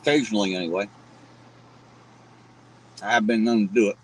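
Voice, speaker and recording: A man's voice: on the low side, fairly even intonation, normal speed, poor audio. A man hosting a live stream, joking casually with viewers and greeting them by name while he eats. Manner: eats and talks between bites. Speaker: livestream host.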